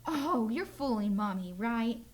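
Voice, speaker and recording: A woman's voice: fairly high pitch, lively intonation, measured pace. A woman voicing a busy, exasperated mother who frets and scolds, read from a children's storybook. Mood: fretful. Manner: fretful, scolding.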